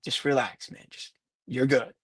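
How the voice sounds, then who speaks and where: A man imitating a laid-back male racing friend who gives calm, soothing advice. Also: medium pitch, a little slow, husky, voice pushed down. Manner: soothing, easygoing.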